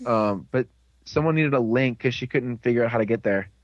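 A man's voice: mid-range voice, brisk, no room sound, lo-fi sound. A man chatting casually, retelling a TV episode in a rambling way and slipping into characters' lines. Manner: rambling, dips into quoted voices. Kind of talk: casual chat, recapping a TV episode.

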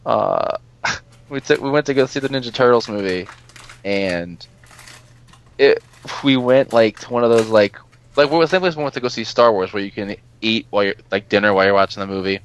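A man telling a story in casual chat, animated and exasperated, swearing freely and laughing often as he talks. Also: fairly low pitch, fairly quick, smooth, highs cut off. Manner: laughs often while talking. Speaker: podcast co-host telling a story.

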